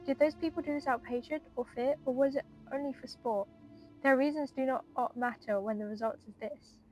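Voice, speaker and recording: A woman's voice: sits high, fairly even intonation, a little fast, darkish tone, highs cut off, faint music behind, lightly acted. A woman reading aloud the lines of an earnest, resolute young noblewoman in a game. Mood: dismayed.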